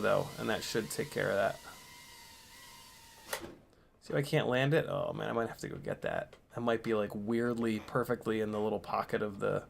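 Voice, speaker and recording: Gravelly, exasperated livestream host man. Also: medium pitch, a bit bright, slight background noise. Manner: exasperated muttering, reads chat aloud. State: still a bit sick. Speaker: FPV drone livestream host. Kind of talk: casual livestream chat.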